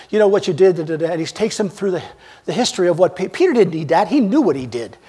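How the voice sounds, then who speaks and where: A man preaching a sermon, retelling scripture scenes as stories and swinging between loud and soft. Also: high voice, lively intonation, fairly quick, slightly rough. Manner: storytelling, acting out scripture scenes with big swings in loudness.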